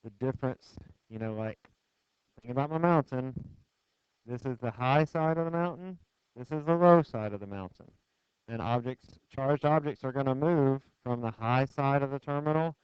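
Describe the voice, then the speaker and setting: A man's voice: mid-range voice, normal speed, clear, resonant tone, no room sound. A man giving a physics lecture, putting questions to the class in a conversational, joking way. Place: lecture hall. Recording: dull lo-fi classroom screencast audio, dry.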